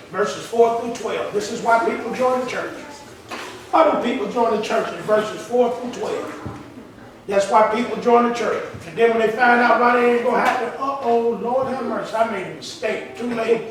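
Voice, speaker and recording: High-voiced man preaching in an echoey hall. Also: slight background noise. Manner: emphatic, call-and-response preaching, colloquial. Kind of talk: sermon. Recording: roomy echo, from far off the mic.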